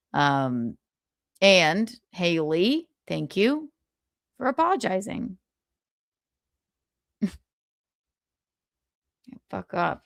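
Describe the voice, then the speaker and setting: A woman hosts a casual gossip livestream at an unhurried, drawn-out pace. She talks sarcastically and rambles, with frequent swearing. The sound is dry and close, with little room echo. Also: medium pitch.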